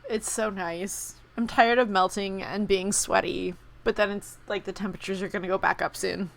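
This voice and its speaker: A woman co-hosting a podcast in casual chat, reacting with quick interjections and wry jokes. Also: mid-range voice, fairly even intonation, gravelly. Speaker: podcast co-host.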